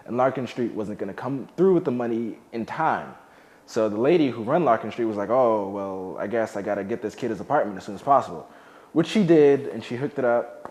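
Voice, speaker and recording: Indoors in his own apartment, a formerly homeless young man with a lowish, slightly mellow voice leads a casual tour. He keeps it jokey, relaxed and talkative, with many "like" fillers.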